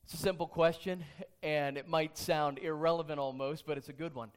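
A man's voice: on the high side, steady tone, brisk, smooth. A pastor preaching a sermon and reading scripture, earnest, often repeating his questions and restarting phrases. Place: church sanctuary.

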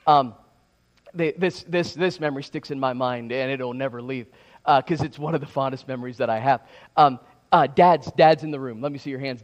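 Halting, higher-pitched man preaching. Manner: halting, with many restarts and repeated words. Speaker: pastor. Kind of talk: sermon. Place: church sanctuary.

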